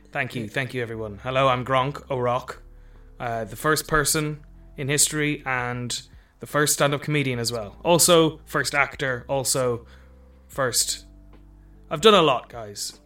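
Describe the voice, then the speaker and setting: A man's voice: mid-range voice, unhurried, pushed and bright, far from the mic, soft background music. A man improvising a clueless caveman, the first human, doing a confused and flustered stand-up set. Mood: bewildered. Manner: flustered, pleading, rising to outbursts.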